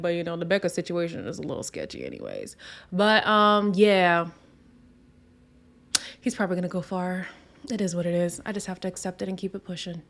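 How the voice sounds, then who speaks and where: A woman hosting a casual reality TV recap, talking in a sassy, conversational way with quick asides. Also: fairly low pitch, big pitch swings, creaky, fairly bright tone. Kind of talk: casual review monologue.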